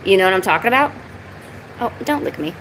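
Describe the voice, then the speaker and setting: In a fairly high, slightly bright voice with lively intonation, a woman hosts an art live stream at a moderate pace, chatting with viewers and cooing baby talk to her cat between drawing. The recording is rough, with slight background noise.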